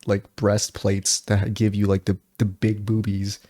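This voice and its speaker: A man's voice: fairly low pitch, completely flat delivery, measured pace, dark tone. A young man co-hosting a podcast in casual chat, teasing and joking dryly. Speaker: podcast co-host.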